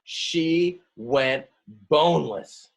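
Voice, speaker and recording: His voice sits on the high side and sounds creaky, with drawn-out words. He's a male teacher reading a picture book aloud to his students, stretching words, voicing the characters, and stopping often to explain details.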